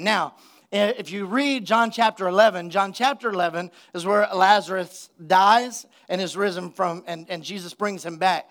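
A male pastor with a notably high voice preaching to his church congregation. He is energetic and conversational, breaking from scripture reading to joke and to ask the room for an amen. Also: normal speed. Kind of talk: sermon. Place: church sanctuary.

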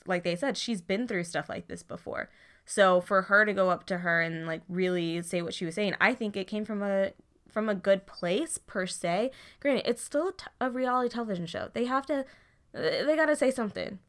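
A woman's voice: lowish voice, moderate pace, bright, forceful tone. A young woman co-hosting a podcast, talking casually and animatedly, often restarting her sentences. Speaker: podcast co-host. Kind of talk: casual chat about reality TV.

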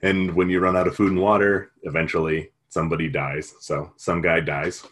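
A man's voice: deep voice, level tone, moderate pace, fairly bright tone. A man retelling a story in casual chat, rambling and jokey, with lots of fillers.

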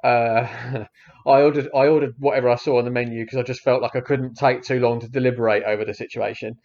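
A man's voice: mid-range voice, steady tone, fast, a little mellow. Male co-host, thirties, rambling and hesitant, slightly muffled recording. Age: 30s. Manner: hesitant, rambling, lots of fillers and restarts. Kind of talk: casual storytelling chat.

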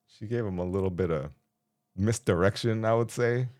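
A man's voice: fairly low pitch, normal speed, a little mellow. A man co-hosting a casual recap podcast, walking through show details with light jokes. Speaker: podcast co-host.

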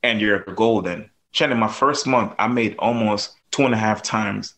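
A man's voice: lowish voice, normal speed, a bit bright. A man with a Jamaican accent, a plumber and landlord, talking loosely with lots of fillers as a podcast guest. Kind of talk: casual podcast interview.

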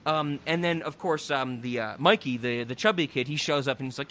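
A man's voice: medium pitch, slight background noise. A young man on a podcast, recapping a movie in casual comedic chat, swearing, laughing and acting out the characters. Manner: animated, profane, laughing, acts out characters in quick voices. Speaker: podcast host reviewing a movie.

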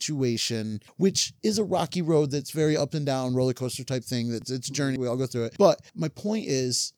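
A man's voice: medium pitch, expressive, a little fast, a little mellow, no room sound, studio quality. A man co-hosting a comedy podcast in casual chat, ranting in a mock-earnest, opinionated way. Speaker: podcast co-host.

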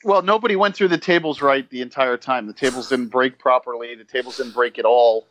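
A man's voice: medium pitch, fairly quick, fairly bright tone, slight background noise. A man co-hosting a wrestling podcast in casual chat, rambling and swearing with self-deprecating humor. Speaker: podcast co-host.

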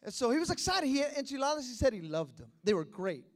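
A man with a notably high, light voice, telling a story from the pulpit. His delivery is animated and repetitive, and he keeps slipping into the voices of his characters. It sounds like a casual sermon given to a congregation in California. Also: quick pace. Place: California church.

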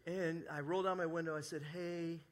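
A man's voice: a little high, flat delivery, moderate pace. A middle-aged male pastor preaching a sermon to a church congregation, telling a story with jokey asides. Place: church service before a congregation.

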